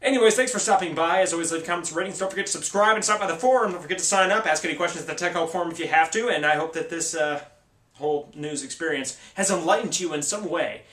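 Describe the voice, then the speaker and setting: A man's voice: a little high, fast talker. Ranting man, roomy and distant from mic. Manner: animated, sarcastic, exasperated ranting. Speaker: tech video host. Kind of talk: casual ranting commentary.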